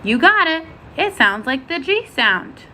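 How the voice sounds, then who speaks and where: A woman teaching a first-grade phonics lesson, sounding out letters and words slowly and clearly. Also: high-pitched, sing-song, bright, forceful tone, a little hiss or hum, low-quality recording.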